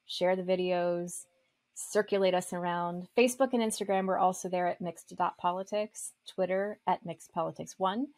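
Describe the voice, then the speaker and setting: A woman's voice: mid-range voice, a little mellow, no room sound. A woman co-hosting a podcast, upbeat and casual as she reels off plugs and thanks. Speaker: podcast co-host. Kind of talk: casual chat.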